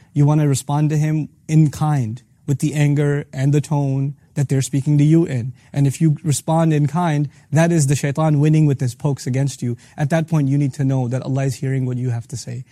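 A man teaching a lesson on the Quran, earnestly rephrasing each phrase several ways and reciting Arabic verses quickly between his English explanations. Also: a little high, flat delivery, dark tone, no room sound, clean studio sound. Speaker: Quran teacher hosting a series.

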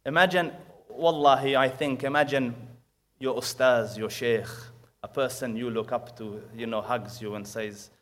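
This sermon comes from a man with a mid-range voice who narrates a story, performing the quoted lines and swiftly reciting Arabic verses. He moves back and forth between forceful emphasis and hushed asides.

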